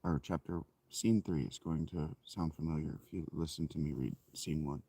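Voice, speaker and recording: Low gravelly guy in his 30s rambling about his writing, dark husky voice, dry close sound. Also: moderate pace, no echo. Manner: rambling, reflective, with self-corrections. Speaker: author reading his own novel. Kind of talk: casual spoken chat.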